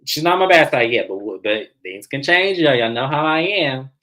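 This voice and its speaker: A man's voice: medium pitch, animated, normal speed, pushed and bright, poor audio. Chatty man hosting a TV recap. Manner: chatty, dramatic, addresses viewers as y'all. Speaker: host. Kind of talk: casual TV recap commentary.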